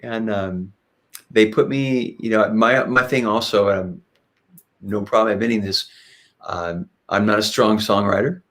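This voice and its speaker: A man's voice: fairly low pitch, measured pace. A man, a guest musician, telling stories in a casual interview, rambling with frequent restarts and fillers. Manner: lively when retelling anecdotes. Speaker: guest musician, singer and guitarist.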